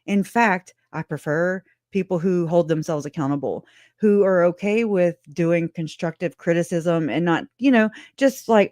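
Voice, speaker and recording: A woman's voice: lowish voice, normal speed, no room sound. Sarcastic, laughing woman streamer, dry sound. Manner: animated, sarcastic, laughs often, swears freely. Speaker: true crime livestream host. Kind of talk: casual livestream commentary.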